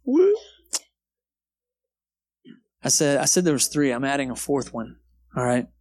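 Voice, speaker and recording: A man's voice: medium pitch, fairly even intonation, fairly quick. A man preaching a sermon in a church in a casual, conversational way, peppering his talk with "man" and "okay". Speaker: pastor. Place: church sanctuary. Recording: live church recording with loud guitar behind. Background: soft guitar music.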